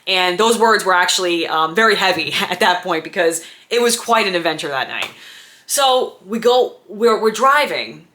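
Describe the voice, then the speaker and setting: A woman in her thirties casually telling a personal story, animated and acting out quoted dialogue, with lots of "like" and "right?". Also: fairly low pitch, normal speed. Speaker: former diaper service owner.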